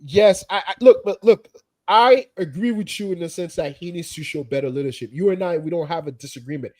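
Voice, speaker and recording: A man co-hosting a football fan debate, animated and repeating himself as he talks. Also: sits high, brisk. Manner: animated, laughs while talking, repeats himself. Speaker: football podcast co-host.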